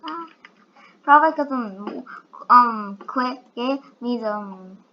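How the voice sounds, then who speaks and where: A woman giving excitable, giggly commentary over her own gameplay, full of sudden exclamations. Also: on the high side, takes it slowly, muffled recording. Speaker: gaming channel host.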